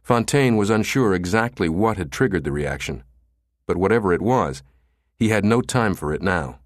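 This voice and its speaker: A man reading a thriller audiobook in steady scripted narration. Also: low-pitched, moderate pace, dry recording, clean studio sound.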